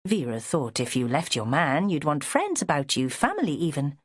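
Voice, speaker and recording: A woman narrates an audiobook in a measured, expressive style. Her low-leaning voice rises and falls a lot, and the recording is close and dry. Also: husky, dry recording. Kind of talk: scripted narration.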